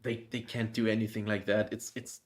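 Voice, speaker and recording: A man from Germany with a German accent, a guest in a casual live chat, speaking in a thoughtful, measured and hesitant way. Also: fairly low pitch, flat delivery.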